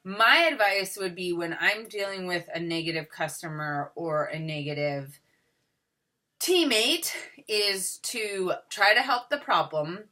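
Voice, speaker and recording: Young woman chatting to her team, bright voice, upbeat, lots of ums. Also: fairly low pitch, measured pace. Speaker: team leader. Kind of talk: casual talk to a sales team.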